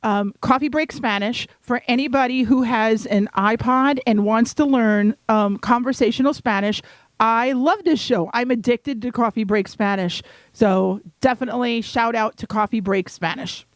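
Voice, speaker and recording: A woman's voice: fairly high pitch, normal speed, no echo. A woman co-hosting a podcast, chatting casually with enthusiasm and frequent giggles. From Puerto Rican from New York. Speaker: podcast co-host. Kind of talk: casual chat.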